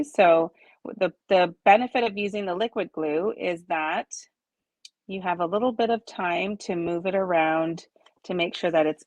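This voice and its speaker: A woman's voice: fairly low pitch, dry recording. Chatty woman laughing through a craft demo. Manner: chatty and self-deprecating, laughs often, explains each step. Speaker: crafting host. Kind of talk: live-stream craft demonstration, chatting with viewers. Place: at her craft desk at home.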